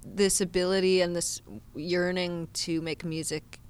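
Low-voiced woman musician, reflective. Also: level tone, measured pace, a little hiss or hum. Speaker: musician guest. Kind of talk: conversational interview.

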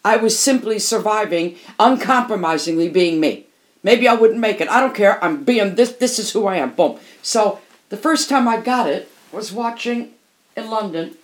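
A woman's voice: mid-range voice, animated, moderate pace. An older woman, a musician and interview guest, telling candid stories in an emphatic way and often repeating phrases for emphasis.

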